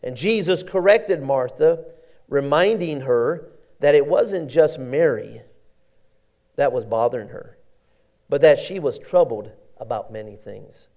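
A man preaching a sermon in an animated, conversational way, often repeating words as he goes. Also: medium pitch, measured pace.

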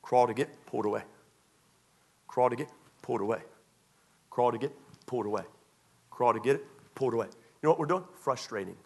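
A man preaching a sermon from the pulpit in a middle-pitched voice. He hammers phrases again and again, then often drops to a quiet, low-key tone. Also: brisk, long pauses. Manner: emphatic, repetitive, often dropping to a quiet tone. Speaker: pastor.

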